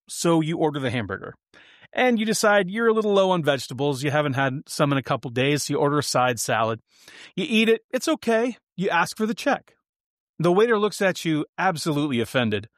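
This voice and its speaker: A man's voice: a little high, sing-song, moderate pace, no room sound, clean studio sound. A man hosting a podcast alone, delivering sarcastic, punchy and theatrical comedic commentary. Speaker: podcast host.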